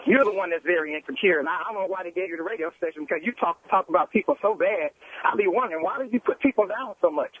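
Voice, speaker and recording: A man calling in to a radio show, earnest and halting, with many restarts. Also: high voice, slight background noise. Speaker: caller. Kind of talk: radio call-in complaint. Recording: tinny phone line.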